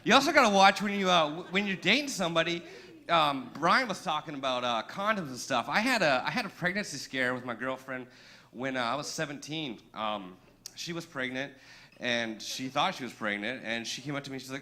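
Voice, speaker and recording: A man's voice: on the high side, expressive, brisk, bright, forceful tone. A young man performing a crude stand-up comedy set, telling brash stories with acted-out dialogue on a comedy club stage.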